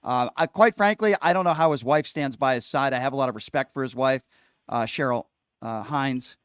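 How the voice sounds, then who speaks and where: Outspoken talk radio host, dry studio. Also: male voice, mid-range voice, brisk, fairly bright tone, smooth, no room sound. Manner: heated and outspoken, stressing words. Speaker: radio call-in show host.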